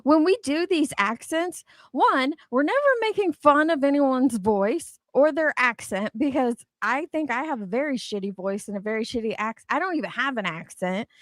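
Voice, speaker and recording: Brief: older woman from Central Illinois, bit higher voice, dry close mic, chatty and self-mocking. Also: expressive, normal speed, hardly any pauses, dry recording. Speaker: co-host. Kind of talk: casual livestream chat.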